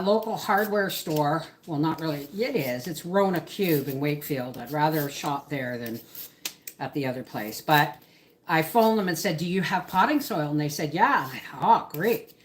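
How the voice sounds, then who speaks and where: A woman's voice: sits low, a bit bright, slight background noise. A woman, hosting a casual live stream from her home kitchen while cooking. She rambles and cuts herself off mid-thought. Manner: chatty, rambling, self-interrupting. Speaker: homesteading livestream host.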